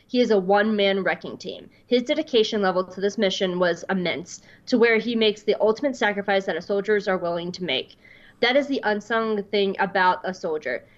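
A woman's voice: mid-range voice, dull audio. A woman hosting casual commentary, chatty and full of fillers, reading quotes aloud.

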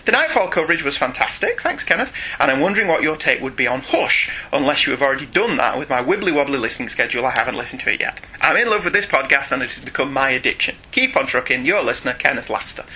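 Chatty middle-aged british guy reading out emails, bright slightly husky voice, laughs a lot. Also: mid-range voice, quick pace. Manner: laughs often, animated and teasing. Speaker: podcast co-host, father. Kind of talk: casual chat, reading listener emails.

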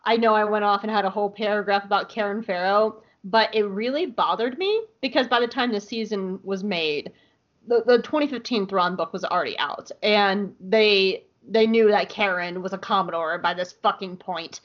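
A woman from the American South talks on a podcast in an animated, unfiltered way, swearing freely and laughing often. Her pitch is mid-range. The audio is a little dull and lo-fi. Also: normal speed. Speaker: podcast co-host. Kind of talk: casual chat.

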